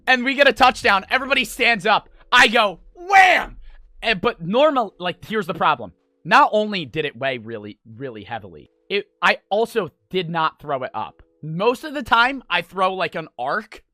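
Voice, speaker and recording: A man's voice: sits high, sing-song, normal speed, bright, forceful tone, dry recording. A young man streaming, telling a rambling, profane story to his chat. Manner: rambling, profane, full of fillers.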